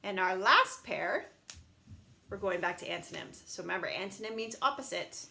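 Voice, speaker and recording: A woman teaching young children in an online lesson, slow and patient, sounding words out in a sing-song teacher voice. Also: medium pitch, animated, gravelly, pushed and bright, a little hiss or hum.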